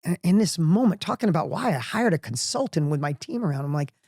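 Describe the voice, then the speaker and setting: Gravelly-voiced emphatic man. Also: a little high, fast talker, dry recording, studio quality. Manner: energetic, emphatic, frequent restarts. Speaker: guest. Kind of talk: podcast interview storytelling.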